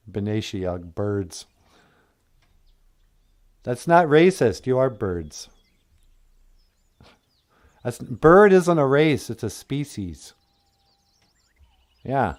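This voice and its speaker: Guy rambling outside in the woods on his puppet podcast, lively up-and-down voice, unhurried. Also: mid-range voice. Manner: rambling, chuckling, animated. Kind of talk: casual rambling chat. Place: outdoors in the woods.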